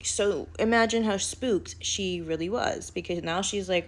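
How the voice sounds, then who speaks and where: A woman with a mid-range voice, speaking a little slowly, casually shares a personal spiritual story. She's chatty and rambling, using "like" heavily throughout.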